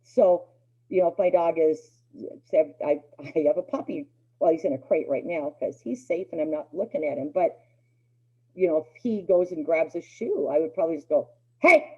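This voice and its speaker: A middle-aged woman with a low, husky voice lectures a dog obedience class. She talks casually and circles back with fillers and restarts. The recording sounds dull and lo-fi. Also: moderate pace. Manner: conversational, many fillers and restarts.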